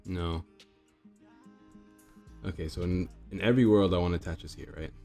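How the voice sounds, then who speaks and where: A young man with a hoarse, groggy voice, chatting casually while commentating a card game he is playing. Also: low-pitched, rapid-fire, mellow, soft background music. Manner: chatty, thinks aloud with fillers.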